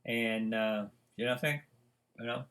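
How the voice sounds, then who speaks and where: An older man teaching a recorded lesson, his pitch sitting in an ordinary middle range. He drifts from one personal story to the next, filling the gaps with ums and uhs. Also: unhurried, fairly bright tone. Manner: rambling storyteller with many fillers. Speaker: professor. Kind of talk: recorded lecture with anecdotes.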